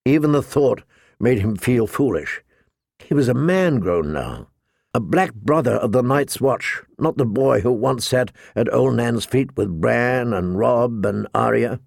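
A man narrating an audiobook in a slow, measured reading. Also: medium pitch, expressive, vocal fry, darkish tone, dry recording, studio quality.

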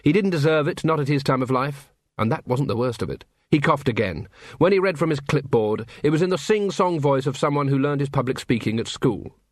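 Expressive male audiobook narrator. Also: medium pitch, fairly quick, no room sound. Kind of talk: audiobook narration of a comic fantasy novel.

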